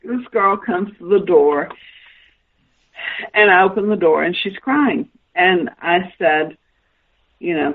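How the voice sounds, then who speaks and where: A woman's voice: low voice, measured pace, gravelly, pauses often, breathy edge, narrow, tinny audio. A woman guest author telling anecdotes in a radio interview and acting out the dialogue she quotes. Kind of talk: storytelling interview.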